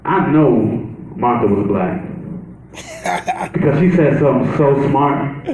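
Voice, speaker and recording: A man preaching a sermon, telling the story with animation and acting out the people in it, rising to shouts. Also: mid-range voice, expressive, slow pace, slight background noise. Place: church sanctuary. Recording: echoey church hall from off-mic, dull sound.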